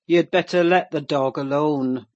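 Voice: medium pitch, steady tone, normal speed, no room sound, highs cut off, natural voice. Brief: reader voicing a surly landlord in a storybook reading, growling and curt, dry close sound. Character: gruff, surly male landlord.

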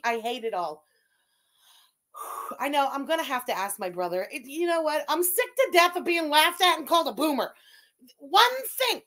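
A woman's voice: high-pitched, a bit bright. A woman hosting a casual livestream, venting with a lot of swearing and frustration before reading out viewers' messages. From Quebec, Canada. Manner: exasperated, profane, venting. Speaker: livestream host.

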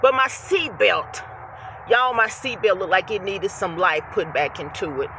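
A woman in her fifties telling a casual story to her viewers from inside her car, chatty and animated. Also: mid-range voice, unhurried, noisy background. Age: 50s. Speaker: rideshare driver vlogger.

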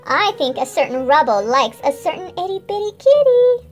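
A woman voicing Rubble, an eager little male bulldog pup, with a cooing, excited manner over soft music. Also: sits high, normal speed.

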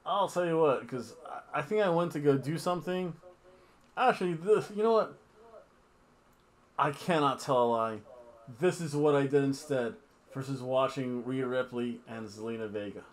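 A man's voice: mid-range voice, moderate pace. A man hosting a casual wrestling review, talking in a rambling, offhand, jokey way with asides. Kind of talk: casual wrestling recap chat.

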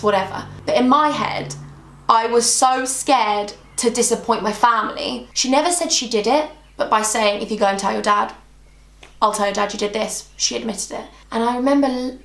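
A young woman spills a personal story to her viewers, re-enacting arguments as she goes. Her voice sits a little high. The room gives it a roomy echo. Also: a bit bright. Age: 20s. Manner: emotional, re-enacts conversations. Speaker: YouTuber. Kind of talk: storytime vlog.

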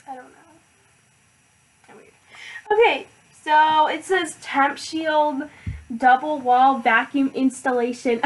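Teenage girl, high voice, slow unhurried delivery, hyper and gushing, filler-heavy casual vlog. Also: rough recording. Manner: hyper and excitable, many "like" fillers. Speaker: vlogger.

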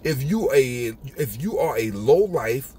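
A man's voice: medium pitch, very animated, unhurried, dark tone, a little hiss or hum. A man giving an emphatic, repetitive motivational monologue in a casual street style. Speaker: motivational speaker.

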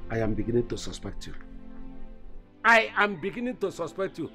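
A man's voice: sits high, very animated, normal speed, faint music behind. A Nigerian actor playing a stingy, suspicious father who scolds his child. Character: stingy suspicious middle-aged father, government contractor. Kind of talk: film acting.

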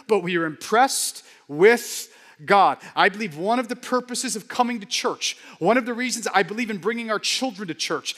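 A man pastor preaching a sermon with fervor, repeating words and swinging between loud declarations and hushed murmurs. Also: high voice, long reverb tail. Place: large church hall.

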